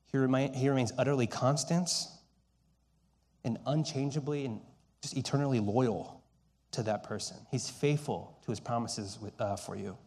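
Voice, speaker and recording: A middle-aged man delivers a sermon with a storyteller's manner. He swings between raised, emphatic stretches and soft, hushed lines. His voice sits at an ordinary middle pitch. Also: normal speed. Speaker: pastor.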